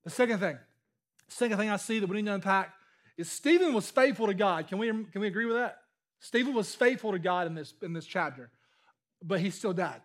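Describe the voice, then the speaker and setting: Pastor guy preaching, really high voice, chatty, keeps restarting phrases then gets loud and emphatic. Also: lively intonation, brisk. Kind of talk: sermon.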